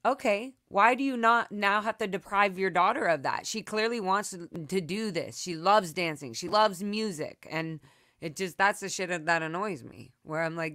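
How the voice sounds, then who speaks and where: Emotional young woman host, bright voice. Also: mid-range voice. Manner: emotional, swearing, quick rambling storytelling. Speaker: podcast host. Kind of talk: casual chat.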